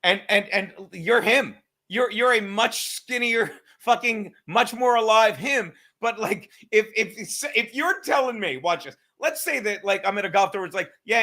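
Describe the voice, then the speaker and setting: A man hosting a casual chat show, rambling and profane and quick to laugh. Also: sits high, sharp tone. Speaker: podcast host and comedian.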